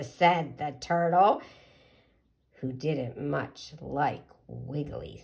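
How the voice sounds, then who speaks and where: A woman reading a picture book aloud to children, gently asking them questions about the pictures. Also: low voice, extremely slow, creaky.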